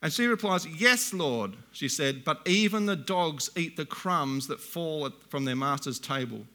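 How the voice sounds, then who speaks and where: A middle-aged man delivering a sermon in a bright, slightly higher voice. He reads scripture slowly and deliberately, then breaks into plain, conversational asides to his listeners. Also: animated. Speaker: preacher.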